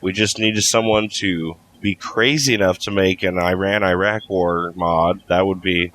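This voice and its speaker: A man with a somewhat low voice talks casually on a hobby podcast panel, tossing in jokes and quips. Faint noise sits under the voice. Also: steady tone, unhurried, a bit bright, low-quality recording. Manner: joking, chatty. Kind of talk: casual group chat.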